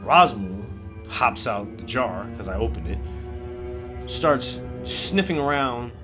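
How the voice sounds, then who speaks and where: A man's voice: mid-range voice, lively intonation, takes it slowly. A man telling a horror-comedy story in a casual, rambling, offhand way, with some swearing. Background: music.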